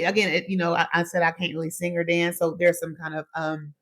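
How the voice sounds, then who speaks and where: A woman's voice: on the low side, a little fast, few pauses, dry recording. A young woman hosting a solo podcast, chatting animatedly to her listeners and telling stories from her own life. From US Midwest. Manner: chatty, animated storytelling, addresses listeners as y'all. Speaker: podcast host.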